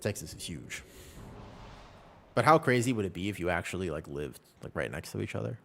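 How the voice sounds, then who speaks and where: Relaxed low-voiced man chatting. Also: a little fast, vocal fry. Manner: rambling, relaxed, chats with viewers. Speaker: streamer. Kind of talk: casual chat with chat while gaming. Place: at home with a cat.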